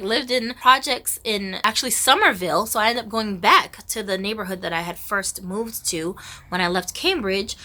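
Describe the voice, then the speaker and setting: A woman vlogger telling a personal story in a casual, chatty way, filling her talk with "like" and acting out the dialogue. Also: mid-range voice. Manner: casual and chatty, heavy use of "like"; animated, acts out quoted dialogue. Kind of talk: storytime vlog.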